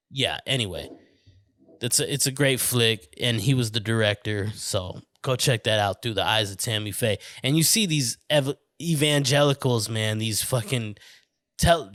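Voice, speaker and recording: A man's voice: medium pitch, normal speed, fairly bright tone, no room sound, clean studio sound. Tipsy, swearing podcast host man. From Southwest US. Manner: profane, stumbling, tangent-prone. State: a little drunk. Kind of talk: casual rambling podcast monologue.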